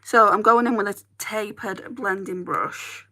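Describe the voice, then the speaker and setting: A woman's voice: mid-range voice, unhurried, bright, forceful tone, slight background noise. A woman with a northern English accent, a beauty vlogger chatting casually to viewers while she does her makeup. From northern England. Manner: chatty, rambling, talks to viewers.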